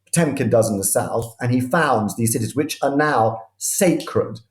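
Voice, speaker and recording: Male historian telling animated stories in a roomy space. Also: medium pitch. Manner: animated, vivid anecdotes with quick restarts. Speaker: guest historian. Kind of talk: conversational history storytelling.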